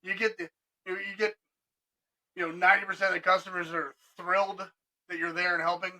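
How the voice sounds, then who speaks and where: A middle-aged man telling a work story in casual podcast chat, animated and laughing, acting out both sides of conversations. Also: high voice, brisk, low-quality recording. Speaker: restoration business owner telling stories.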